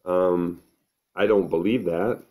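A middle-aged man, talking to camera at home in an unhurried, earnest, thinking-aloud way. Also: low-pitched, steady tone, mellow. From American Midwest. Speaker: vlogger. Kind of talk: casual to-camera monologue.

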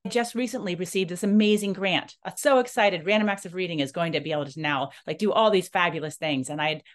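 A woman who runs a non-profit, telling a personal story in an earnest, halting way and acting out the dialogue she quotes. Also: fairly low pitch. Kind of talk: personal story told to camera.

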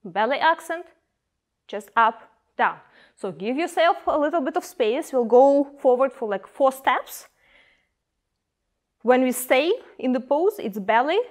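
High-voiced woman coaching a dance class. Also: unhurried. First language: Ukrainian. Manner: calm, coaching cues with counting. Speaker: belly dance instructor. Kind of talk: guided dance class instruction.

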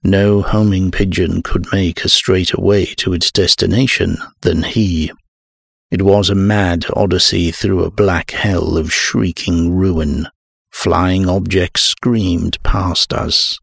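Deep, gravelly male horror narrator. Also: fairly even intonation, fairly bright tone, no echo, studio quality. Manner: measured, dramatic first-person telling. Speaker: audiobook narrator.

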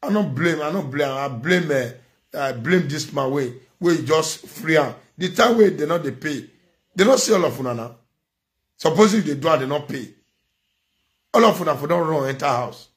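A man's voice: fairly high pitch, animated, normal speed. Middle-aged nigerian guy ranting on social media, preachy and scolding, repeats himself a lot. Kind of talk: impassioned monologue.

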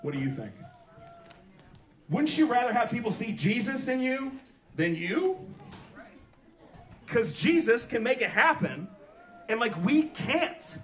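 A man's voice: very high voice, unhurried, pauses often. Guy preaching, keeps asking the crowd if they're with him, voice bouncing round the church. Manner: energetic call-and-response preaching. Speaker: pastor. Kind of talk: sermon. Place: church sanctuary. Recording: roomy church room, mic at a distance.

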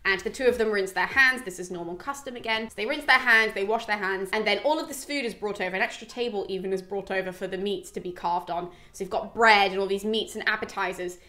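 A woman casually retelling a classic story, chatty and animated, full of asides and fillers, sometimes acting out the characters' lines. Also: mid-range voice, fast talker, few pauses. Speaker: literature discussion host.

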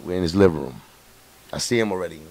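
A man, a guest on a radio show, telling a candid story in a profane, animated street-talk manner. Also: sits low, fast talker, creaky.

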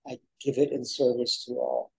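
Male co-host, mellow husky tone, earnest and reflective in spiritual talk. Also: medium pitch, little pitch movement, normal speed, poor audio. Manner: reflective and earnest, gives aphorisms. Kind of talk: spiritual conversation.

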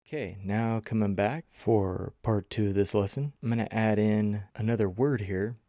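Low-voiced man teaching a language lesson. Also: fairly even intonation, mellow, no room sound, clean studio sound. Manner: slow, repeated example phrases for learners; casual, friendly teaching. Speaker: Mandarin teacher.

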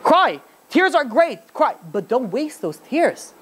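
A man's voice: extremely high pitch, big pitch swings, slow pace, a bit bright, voice pushed up, exaggerated voice. A man voicing a wise old woman who consoles a grieving mother, speaking with urgent, pleading force. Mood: urging.

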